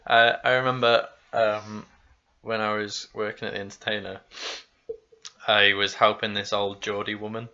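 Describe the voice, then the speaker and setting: A man's voice: fairly low pitch, flat delivery, normal speed, pushed and bright. A young man co-hosting a casual podcast, rambling and jokey. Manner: rambling, jokey, laughs a lot. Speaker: podcast co-host. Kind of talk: casual chat. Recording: slightly dull lo-fi sound.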